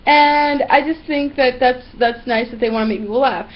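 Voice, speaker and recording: A fairly high-voiced young woman talks straight to camera from a room at home, ranting about her pet peeves in blunt, swear-heavy, animated bursts. The sound is dull and lo-fi, typical of an old webcam recording. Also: normal speed. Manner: blunt, profane, animated storytelling. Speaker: vlogger. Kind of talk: casual ranting monologue to camera.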